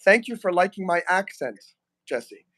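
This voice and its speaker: A man's voice: high-pitched, very animated, moderate pace, noisy background. A man hosting a casual livestream, joking playfully and reading out chat comments. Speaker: livestream host.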